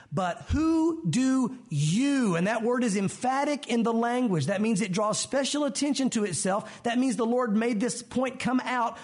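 Man, pastor, very high voice, expository sermon, chatty asides, acts out quoted lines. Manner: expository preaching, reads scripture aloud and acts out quotes with shifting voices; conversational asides to the congregation.

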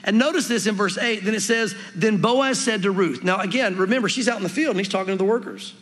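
A man's voice: sits high, fast, a bit bright. A man preaching a sermon as a pastor in a church, conversational and earnest, acting out the people in the story. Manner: conversational, earnest, acts out quotes. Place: church sanctuary. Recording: long reverb of a church hall.

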